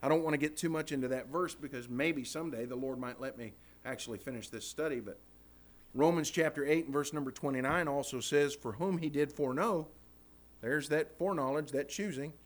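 A Baptist preacher, teaching scripture in a folksy, animated way. His voice sits a little high for a man. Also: fairly quick. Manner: folksy, animated, repeats "man, I tell you what". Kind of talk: informal Bible study sermon.

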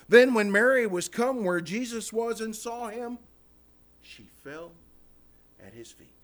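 A man's voice: sits high, animated, a little slow, fairly bright tone. A man preaching a sermon in church, impassioned, acting out prayers and calling the congregation "guys.".

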